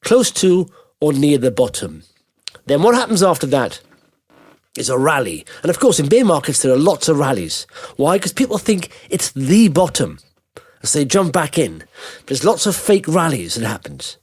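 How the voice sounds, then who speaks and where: Lively, animated man hosting a podcast. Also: on the high side, normal speed, breathy edge. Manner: animated, emphatic, rhetorical questions. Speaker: podcast host. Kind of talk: casual monologue on investing.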